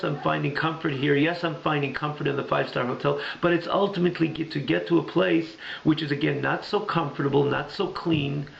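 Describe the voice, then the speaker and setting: A man giving a Torah class, telling a parable with halting, repetitive restarts. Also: medium pitch, gravelly, a little hiss or hum. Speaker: Jewish teacher. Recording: echoey room, dull lo-fi sound.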